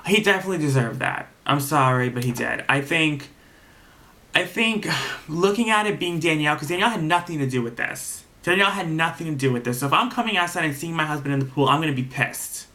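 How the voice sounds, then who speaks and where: A man with a bright, slightly higher voice recaps a reality TV episode in a loose, chatty way. He swears freely and gets animated as he retells the drama. He slips into the cast's quoted lines as he goes. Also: quick pace.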